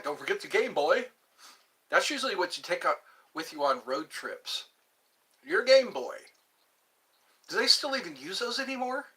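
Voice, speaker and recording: A man's voice: a little high, bright, forceful tone. A middle-aged man hosting a livestream, rambling casually to young viewers from a phone on a tripod. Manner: rambling, chats to young viewers, drifts into song snippets. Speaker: livestream host.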